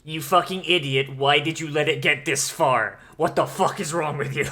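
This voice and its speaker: A man reacting to an anime episode as he watches, swearing freely and reacting in disbelief at what happens on screen. His voice is bright and forward, and he talks in a loose, casual way. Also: a little high, moderate pace. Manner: profane, incredulous outbursts. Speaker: anime watch-along host.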